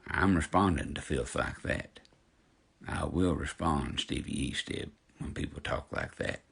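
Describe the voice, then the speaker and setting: A social media personality in his fifties rants angrily straight to camera, preaching to his followers and calling people out by name. His voice rumbles low and gravelly, a bit bright and slightly rough.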